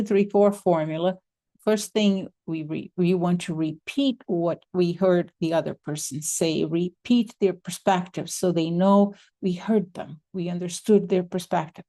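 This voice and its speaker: A woman teaching a mediation training lecture at an unhurried, deliberate pace. Her voice is low and mellow with a gravelly edge, and she lays out each point methodically. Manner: measured, methodical explaining.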